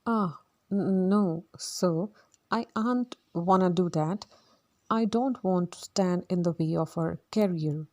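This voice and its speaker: A shabby old father with a wheedling Cockney way of talking, voiced by a woman. He drags his words out slowly in a warm, mellow tone, and sounds half pleading, half sly. This is a storybook-style reading of a play. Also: lowish voice. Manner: slow, drawn-out, pleading.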